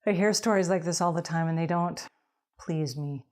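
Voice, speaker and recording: A woman's voice: fairly low pitch, normal speed. Direct, emphatic woman coaching cleaners. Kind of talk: advice talk to camera.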